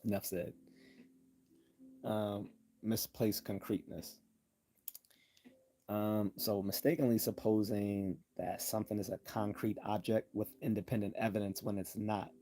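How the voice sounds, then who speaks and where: Low, dark-voiced man with a husky edge. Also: flat delivery, a little slow, pauses often. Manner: sardonic, jokey asides, frequent ums and laughs. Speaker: livestream host explaining logical fallacies. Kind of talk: casual livestream lecture. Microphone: desktop computer mic.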